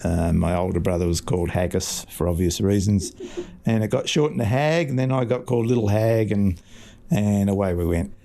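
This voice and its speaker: A man in his sixties with an Australian accent, a fish market owner telling relaxed stories in a casual interview. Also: fairly low pitch, normal speed, vocal fry. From Scotland. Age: 60s. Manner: relaxed anecdotal storytelling.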